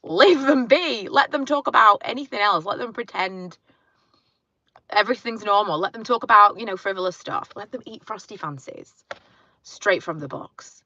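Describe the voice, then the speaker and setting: A woman's voice: medium pitch, animated, normal speed, pushed and bright, no echo, dull audio. A woman chatting casually in her car, reading viewer comments and rambling with lots of fillers. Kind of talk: casual car chat live stream. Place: inside a parked car.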